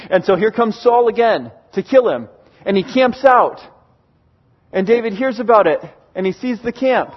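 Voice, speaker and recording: A man with a notably high voice preaches a sermon, telling the story with animated energy and quick bursts of acted-out characters. The recording is slightly dull and lo-fi. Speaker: pastor.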